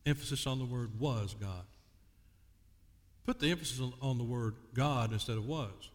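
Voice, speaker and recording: A male pastor preaching a sermon, reading scripture aloud and dwelling on key words with slow emphasis. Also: fairly high pitch, a bit bright. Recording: long hall reverb.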